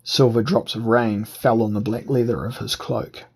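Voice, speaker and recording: A man narrating an audiobook in a measured, deliberate reading. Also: medium pitch, fairly even intonation, a little mellow, husky. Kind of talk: scripted narration.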